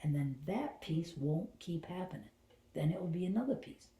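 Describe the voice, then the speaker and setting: A middle-aged woman with a low, mellow voice tells a personal story with animation, and her quieter asides slip into a hush. The sound is roomy, with a clear echo around her. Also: normal speed. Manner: animated, drops into hushed whispers for inner thoughts. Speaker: host and spiritual channeler.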